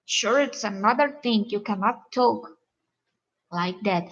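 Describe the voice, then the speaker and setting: A woman relationship coach gives earnest advice in a vlog, circling back and repeating herself as she talks. She speaks slowly, with a fairly high voice. The audio is dull and lo-fi. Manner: halting, repetitive, earnest advice.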